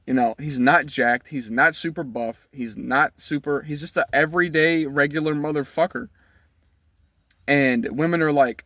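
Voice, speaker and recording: A man's voice: mid-range voice, fairly bright tone, dry recording, clean studio sound. A man, ranting bluntly and profanely from inside his car. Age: 20s. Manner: blunt, profane, heated rant. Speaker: vlogger. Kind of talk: ranting commentary.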